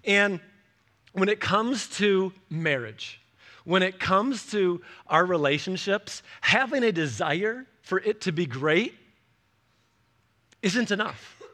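Male pastor in his 40s, high bright voice, lively anecdote-driven sermon delivery. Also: slow pace. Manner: animated storytelling, acting out quoted voices.

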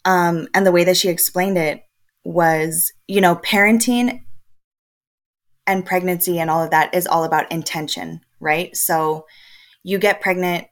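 Woman, 20s, from El Paso; low-ish voice, casual, animated, laughs a lot while recounting. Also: measured pace. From El Paso, Texas. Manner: lively, often laughing, acts out quoted dialogue. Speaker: podcast guest. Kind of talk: casual conversational storytelling.

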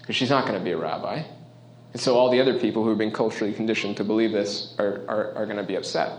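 A man's voice: fairly low pitch, fast talker, a little hiss or hum. A man preaching a sermon as a pastor, talking in a conversational, emphatic way and often checking in with his listeners. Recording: roomy echo.

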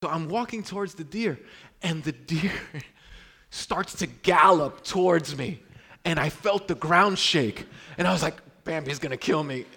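Animated male preacher from Brooklyn. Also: on the high side, unhurried, creaky, slightly rough. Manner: animated storytelling, swings between loud exclamations and hushed lines. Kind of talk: sermon.

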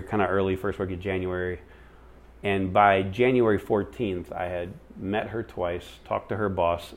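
A man speaking at church, telling a personal story in a sermon and acting out the people he quotes. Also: low-pitched. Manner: animated, acts out quoted voices.

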